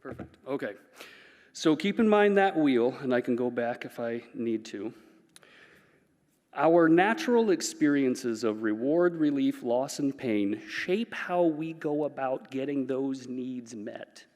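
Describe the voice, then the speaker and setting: A man giving a lively conference talk as a psychologist, playfully acting out the voices he quotes. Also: medium pitch, unhurried. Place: conference hall. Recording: reverberant conference hall.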